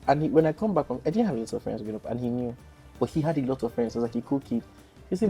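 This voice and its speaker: A young Nigerian man in his twenties chats as a podcast guest, animated and quick to laugh. His voice sits at a middle pitch with a warm, mellow color. Faint music plays underneath. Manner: animated, chatty, laughs easily. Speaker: podcast guest, content creator. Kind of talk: casual storytelling interview.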